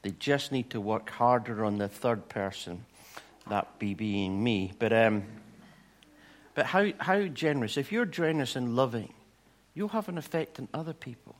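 A man preaching a sermon with a story, animated and swinging from loud to hushed. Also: mid-range voice, normal speed.

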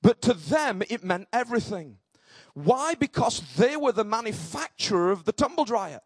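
High-voiced preacher, fervent and dry. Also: male voice, very animated, normal speed, husky, dry recording. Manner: storytelling that builds to fervent, shouted exclamations. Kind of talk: sermon with personal story. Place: church.

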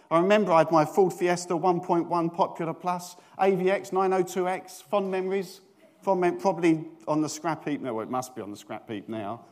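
Chatty British preacher, higher voice. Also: male voice. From Britain. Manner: chatty, self-mocking, asks the congregation questions. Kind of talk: storytelling sermon.

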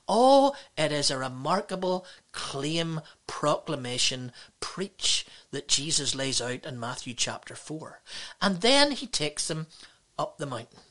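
A woman's voice: on the low side, a bit bright. A woman pastor preaching a sermon, emphatic and exclamatory, with many rhetorical questions.

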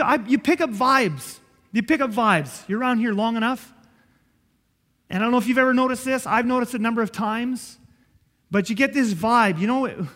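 A man preaches with earnest emphasis, his fairly high voice rising in loud urging and dropping to near-hush. The sound carries a long reverb from the church hall around him. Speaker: pastor. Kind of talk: sermon.

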